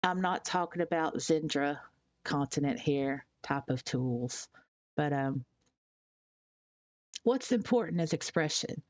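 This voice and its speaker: A Tennessee-raised woman chats her way through a live stream, drawling slowly and stumbling over fillers. Her voice sits on the low side, close and dry on a muffled, lo-fi recording. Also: animated, no room sound. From Tennessee, USA. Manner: chatty and rambling, reads chat aloud, halting with fillers. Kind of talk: casual live-stream chat.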